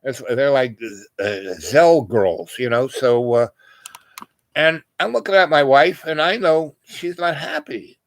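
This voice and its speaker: Older male storyteller, casual and meandering, mid-pitched voice, dry close sound. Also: takes it slowly, dry recording. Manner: meandering, full of "you know" and restarts, acts out quoted voices. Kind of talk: rambling personal anecdote.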